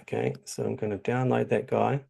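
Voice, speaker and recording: A man's voice: mid-range voice, fairly even intonation, normal speed, vocal fry, warm tone, breathy edge. A man with a New Zealand accent giving a chatty, casual tutorial with lots of ums. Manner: chatty, loose, many ums. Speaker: tutorial host. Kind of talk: casual screen-share tutorial.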